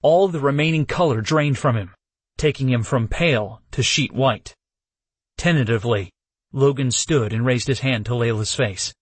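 A man narrating a first-person novel as an audiobook, telling the story in an expressive way. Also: medium pitch, moderate pace, husky, no echo.

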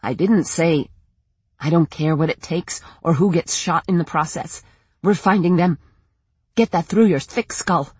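The narrator voicing a frantic, sharp-tongued woman searching for her children, snapping and insistent. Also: medium pitch, unhurried, husky, no room sound. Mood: yelling.

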